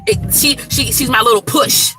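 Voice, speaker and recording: A woman's voice: high-pitched, moderate pace, over music. A woman, a singer who streams, talking frankly and with animation straight to her viewers. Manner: frank, animated, Black American vernacular phrasing. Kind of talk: casual direct-to-camera talk.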